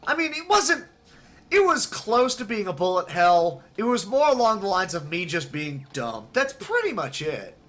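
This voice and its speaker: Excitable high-voiced speedrunner man. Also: moderate pace. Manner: excitable, self-deprecating, talks to chat. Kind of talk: live gameplay commentary.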